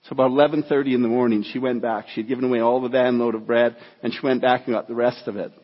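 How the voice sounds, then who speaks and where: A man with a medium-pitched, fairly even voice preaches a sermon through a story, earnest and halting with many restarts, then reads scripture. It was recorded in a church hall and sounds dull and echoey.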